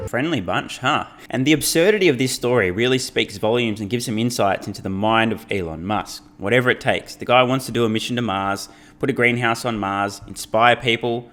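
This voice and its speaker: A man's voice: mid-range voice, fairly bright tone. A man hosting his channel, giving blunt, opinionated commentary with casual swearing. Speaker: channel host.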